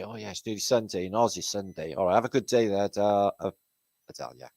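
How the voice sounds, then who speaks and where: A man hosts his own live stream, talking casually to viewers and greeting them one by one. His voice sits low but swings widely up and down as he chats, and he swears without a second thought. The sound is close and dry, with no room echo. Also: lively intonation, fairly quick, vocal fry, long pauses, a little mellow. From Britain. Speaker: channel host.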